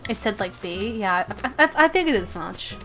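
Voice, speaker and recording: A woman's voice: mid-range voice, animated, normal speed, pushed and bright, faint music behind. A woman streamer chatting casually to her viewers while she plays, rambling and playful, often stumbling and repeating her words. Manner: playful, talks to viewers and game characters. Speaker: live streamer. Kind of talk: casual live-stream chat while gaming.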